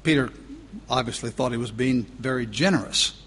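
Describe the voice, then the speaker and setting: A man preaching a sermon as pastor, emphatic, slowing down to stretch out key words. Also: mid-range voice, fairly bright tone, slightly rough. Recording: long reverb of a large hall.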